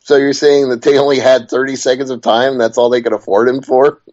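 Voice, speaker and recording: A man's voice: mid-range voice, little pitch movement, a little fast, darkish tone. A man co-hosting a casual wrestling podcast, chatty and steering the talk back to the topic. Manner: chatty, wanders off topic then reins it back. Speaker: podcast co-host. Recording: dull lo-fi podcast audio.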